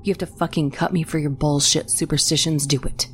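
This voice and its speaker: A woman's voice: low voice, steady tone, brisk, a bit bright, a little hiss or hum. A woman voicing an exasperated, skeptical young adult man arguing with his sister. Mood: angry. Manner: exasperated, pleading.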